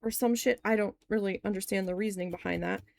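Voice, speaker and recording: A woman's voice: mid-range voice, fairly even intonation, quick pace, vocal fry, darkish tone. A woman in her forties, chatty and long-winded, telling a story in a casual crafting vlog and swearing when annoyed. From New Jersey. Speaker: crafting vlogger.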